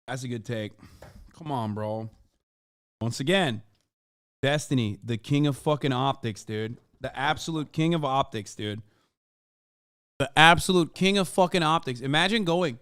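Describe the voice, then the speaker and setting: A man's voice: on the high side, bright, forceful tone, clear, resonant tone, no echo, clean studio sound. A young man streaming, reacting to clips with sarcastic, profane commentary and bursts of laughter. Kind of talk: casual livestream commentary.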